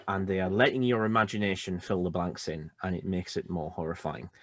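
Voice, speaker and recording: A man co-hosting a casual chat about films, thoughtful and measured as he picks apart scenes. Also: low-pitched, steady tone, dry recording. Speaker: podcast co-host.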